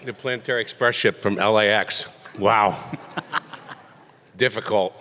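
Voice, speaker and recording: A middle-aged man answering questions at a convention panel, animated and joking, rambling loosely with plenty of asides. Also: fairly low pitch, a little slow, slight background noise. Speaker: voice actor panel guest. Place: large convention panel hall. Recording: echoey convention hall.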